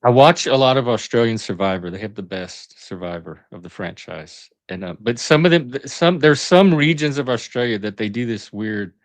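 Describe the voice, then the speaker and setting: A man's voice: mid-range voice, lively intonation, moderate pace, hardly any pauses, no echo. A middle-aged man in casual panel chat, chatty and enthusiastic. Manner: chatty, enthusiastic about music. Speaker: podcast panelist.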